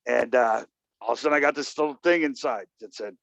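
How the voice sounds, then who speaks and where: A man's voice: medium pitch, fast talker, creaky, a bit bright, no echo. A man telling a long personal anecdote in casual conversation, rambling with many fillers and acting out what people said. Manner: rambling, many "you know" fillers, acts out quoted dialogue. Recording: dull lo-fi, dry sound.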